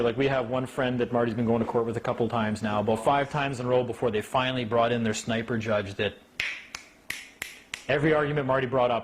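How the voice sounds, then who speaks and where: Animated man telling court stories. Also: medium pitch. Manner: animated, acts out quoted people, asks "right?". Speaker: speaker at a meeting. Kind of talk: informal talk to a small group.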